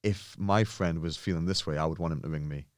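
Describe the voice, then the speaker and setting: A man's voice: very deep voice, a little fast, no room sound, studio quality. A man from England, a guest telling personal stories in casual, earnest conversation. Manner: earnest, mimics others' voices in anecdotes. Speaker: podcast guest, pro bodybuilder.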